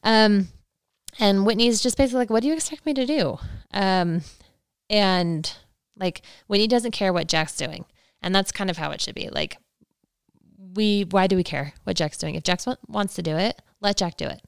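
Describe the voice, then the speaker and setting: A woman's voice: medium pitch, moderate pace, gravelly, clean tone, no echo, studio quality. A young adult woman hosting a solo recap podcast, chatting casually, opinionated and rambling with lots of fillers. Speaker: podcast host.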